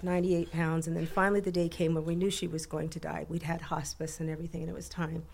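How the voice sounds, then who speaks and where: A middle-aged woman telling a personal family story to a listening crowd, acting out relatives in sudden high voices.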